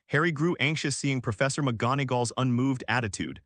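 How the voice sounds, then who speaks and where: In this audiobook narration of fan fiction, a man's mid-pitched voice moves fairly quickly with few pauses while staying steady and even. The sound is close and dry, free of echo or room tone.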